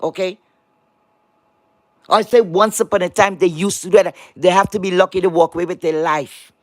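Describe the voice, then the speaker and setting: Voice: mid-range voice, steady tone, moderate pace, no echo. A streamer vents straight at the audience in a heated rant, blunt and full of swearing. The voice keeps circling back to the same words and asks the viewers pointed rhetorical questions. The sound is dry and close, with no room around it. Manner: blunt, profane, repetitive, emphatic. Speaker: online commentator.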